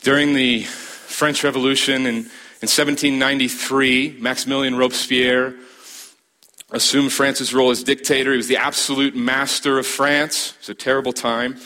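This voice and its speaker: A man preaching a sermon as a pastor, building emphasis with dramatic pauses and repeated phrases. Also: medium pitch, flat delivery, bright, forceful tone.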